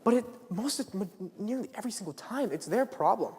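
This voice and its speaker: A young adult man gives a casual sermon as a student speaker, talking conversationally and whispering when he acts out quotes. His high-sitting voice has a darkish tone, lively intonation, and a slightly fast pace. It was live-streamed from a reverberant hall.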